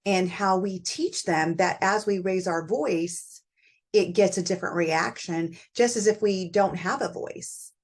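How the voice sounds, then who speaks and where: A woman's voice: mid-range voice, measured pace, slightly rough. A middle-aged woman hosting her own show, talking through her thoughts on parenting in a conversational way, with frequent fillers. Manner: warm conversational, thinking aloud with fillers. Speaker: podcast host. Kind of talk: reflective solo talk on parenting.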